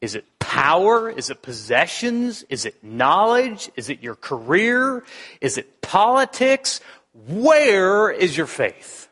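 A man's voice: high voice, very animated, measured pace, bright, forceful tone. A male pastor preaching a sermon in a conversational way, restarting phrases and firing rhetorical questions. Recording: long hall reverb.

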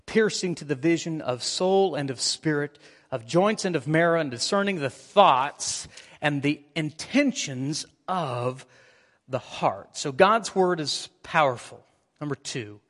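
A man delivers a lively sermon from the pulpit, reading passages and calling on listeners. His voice sits a little high for a man. The sound carries a long church reverb. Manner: energetic preaching, reads scripture aloud, engages congregation. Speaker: pastor. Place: church sanctuary.

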